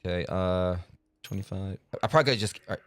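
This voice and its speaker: A man's voice: sits low, fast, a bit bright, clear, resonant tone, dry recording. A man streaming himself playing a game, chatting casually and rambling, with lots of fillers. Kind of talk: gameplay commentary.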